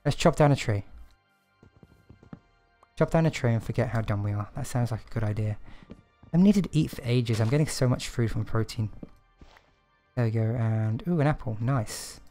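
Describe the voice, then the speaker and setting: A man's voice: medium pitch, moderate pace, long pauses, warm tone, faint music behind. A man streaming a game, chatting to himself and his viewers in a casual, self-deprecating way. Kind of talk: casual gameplay commentary.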